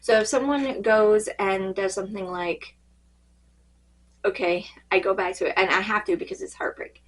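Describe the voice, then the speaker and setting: A woman reading cards in a casual spiritual check-in, her voice fading and a little hoarse, rambling and halting with many fillers. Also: mid-range voice, steady tone, rough recording. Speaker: tarot card reader.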